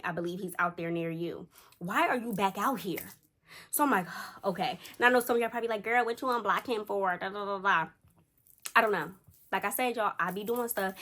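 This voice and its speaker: Young woman, quick storytime vlogger, animated retelling, home recording. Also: mid-range voice. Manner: chatty and animated, acts out quotes. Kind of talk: casual storytime chat.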